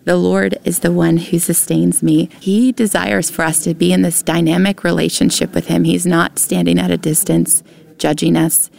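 Gravelly, low-voiced woman giving devotional teaching. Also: level tone, normal speed. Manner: gentle, reassuring, quotes scripture. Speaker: Bible teacher.

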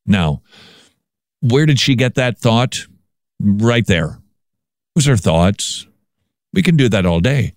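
A man hosting a commentary show who talks in a lively way and often restarts his words. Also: fairly low pitch, slow pace, pauses often, dry recording, clean studio sound. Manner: animated, repeats words when restarting. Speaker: podcast host. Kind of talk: casual commentary on news.

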